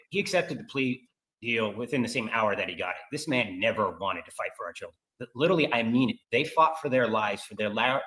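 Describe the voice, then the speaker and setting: A man's voice: medium pitch, a bit bright, a little hiss or hum, rough recording. A man, a victim's father, speaking angrily and emphatically in an interview, repeating words. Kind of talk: emotional interview.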